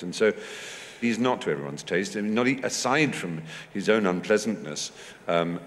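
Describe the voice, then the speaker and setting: A man from England tells anecdotes onstage in a low voice with a wide, lively pitch. He acts out the voices he quotes. His voice rings through a large hall with a long reverb and a faint hiss behind it. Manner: fluent and animated, acting out quoted voices. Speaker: festival guest. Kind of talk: onstage conversation, anecdotal storytelling. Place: festival stage in a large hall or tent.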